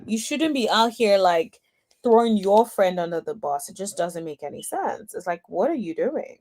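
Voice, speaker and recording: A woman's voice: medium pitch, lively intonation, moderate pace, darkish tone. A woman hosting a casual reaction commentary, speaking to her viewers with chatty, exasperated asides. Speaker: host.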